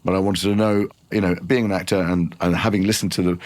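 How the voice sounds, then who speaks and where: A middle-aged man from Liverpool with a softened Liverpool accent, telling long rambling stories in a podcast interview. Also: deep voice, quick pace. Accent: refined Liverpool English. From Liverpool, England. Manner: rambling, animated storyteller with many restarts. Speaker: actor guest.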